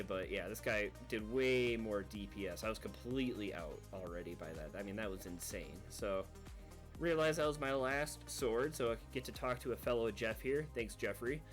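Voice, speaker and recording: A man giving casual, rambling commentary over his own gameplay video, laughing at his own panic and acting out quick asides. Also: lowish voice. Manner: rambling, self-deprecating, recounts panic with quoted asides. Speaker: gaming video creator.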